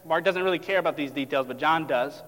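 A man preaching a sermon in a casual, animated way, acting out the voices of the people in the story. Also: on the high side, quick pace. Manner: animated, acts out voices of disciples and crowds, casual asides. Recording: long hall reverb.

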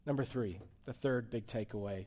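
A man, a pastor, giving a sermon in a relaxed, conversational way, dropping to a hush and then rising to emphatic points. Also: on the low side, normal speed. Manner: conversational preaching, swings between soft and emphatic.

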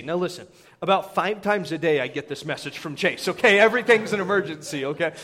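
High-voiced pastor telling a story. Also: male voice, fast. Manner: animated, conversational, frequent asides to the congregation. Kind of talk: sermon storytelling.

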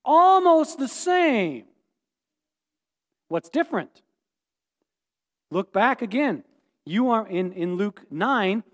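High-voiced animated preaching man. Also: slow pace. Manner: animated, playful, quizzes congregation. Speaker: pastor. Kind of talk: sermon. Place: church sanctuary. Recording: echoey hall reverb.

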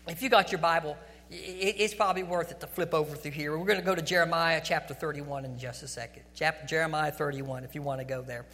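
A man's voice: fairly high pitch, steady tone, fast, bright, forceful tone. A man preaching a sermon in a conversational way, often restarting his sentences as he goes. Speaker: pastor. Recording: long hall reverb.

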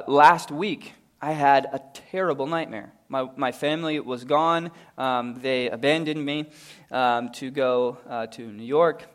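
A male pastor delivers a live church sermon, full of storytelling. His mid-range voice climbs to loud, emphatic peaks and then falls to near-hushed quiet. He ends by leading the congregation in prayer. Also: mid-range voice. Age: adult, father of a young daughter. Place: church service, recorded live.

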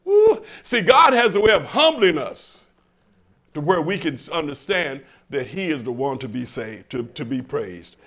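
In front of a church congregation, an older man delivers a very animated but unhurried sermon in a slightly high, somewhat bright voice. His preaching includes stammered restarts, emphatic swells and call-and-response questions.

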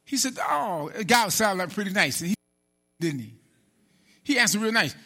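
A man preaching a sermon as pastor, animated, calling out to the congregation and acting out biblical figures. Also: high-pitched, moderate pace. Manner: animated preaching with call-and-response; acts out biblical figures in quoted speech.

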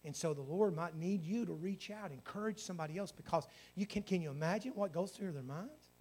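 A man's voice: high-pitched, brisk, darkish tone. A man, a pastor telling a story in his sermon and then praying with fervour. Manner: storytelling that builds to fervent praying.

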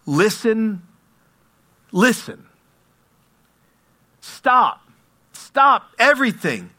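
A wise and respected older woman calls out from a city wall, her voice ringing bright and forceful, as a preacher puts her on in a sermon. She pleads with a low earnest edge. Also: expressive, moderate pace, husky. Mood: urgent. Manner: urgent calls, then a low earnest plea.

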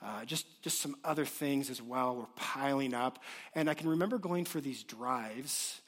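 A man in his late thirties preaching a sermon, telling a personal story in an animated, self-deprecating way. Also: medium pitch, moderate pace. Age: late 30s. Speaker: pastor. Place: church auditorium with congregation.

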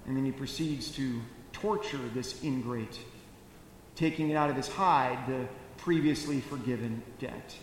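A man preaching a sermon as pastor, telling the story with animated, wry comic asides. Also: medium pitch, measured pace. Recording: echoey church hall with faint noise.

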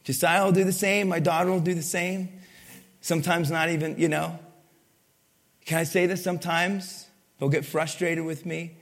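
Delivering his sermon flatly at normal speed, this male pastor has a voice on the high side. He keeps it conversational and frequently calls on the crowd for amens, all inside a long, echoing hall reverb.

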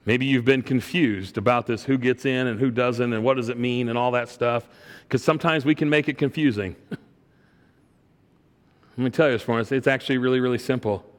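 A man's voice: medium pitch, a little fast. A middle-aged man preaching a sermon and telling a personal story in an earnest way, often repeating words as he starts a phrase. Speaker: pastor. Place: church sanctuary. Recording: long hall reverb.

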